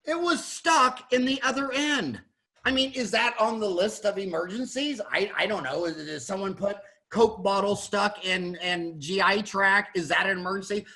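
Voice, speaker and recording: Middle-aged American dentist host, high bright voice, blunt and rambling, video call. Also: male voice, normal speed, rough recording. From USA. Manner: blunt, rambling and emphatic with many restarts. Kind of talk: opinionated panel discussion.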